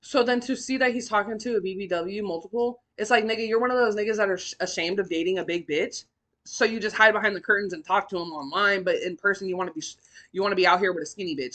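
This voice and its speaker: A young woman talks straight to her listeners, blunt and full of swearing. Her voice is bright and forward, and it swings from low, quiet stretches up to loud, high bursts. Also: fast. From California. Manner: blunt, profane, animated with big swings in pitch and loudness. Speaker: podcast host. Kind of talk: candid personal storytelling.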